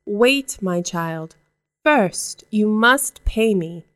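A woman voicing an old sea witch, slow and sly. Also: medium pitch, lively intonation, fairly bright tone, no room sound, clean studio sound.

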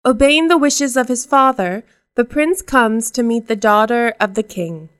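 A woman narrating a storybook aloud in a calm, measured way. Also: a little high.

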